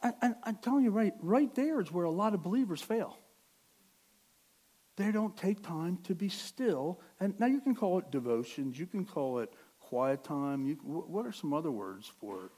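Middle-aged male pastor, high and lively pitch, chatty sermon with self-corrections and sudden loud bursts. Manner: animated, swings from quiet to near-shouting; self-correcting, conversational with asides.

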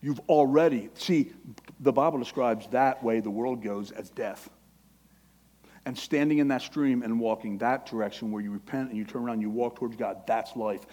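A man preaching a sermon with passion, quoting scripture and acting out prayers, his voice rising when he gets excited. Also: medium pitch, normal speed. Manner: impassioned, quotes scripture, acts out prayers.

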